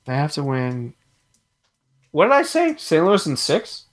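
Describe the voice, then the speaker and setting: A young man co-hosting a casual sports chat, animated and laughing often as he thinks aloud. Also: a little high, unhurried. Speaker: podcast co-host.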